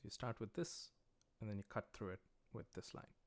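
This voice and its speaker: A man with a fairly low voice and an American accent teaches a livestreamed language class. He explains each step patiently as he writes, often pausing on "uh" and "um". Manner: patient, plain explanations with frequent "uh" and "um". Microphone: livestream microphone.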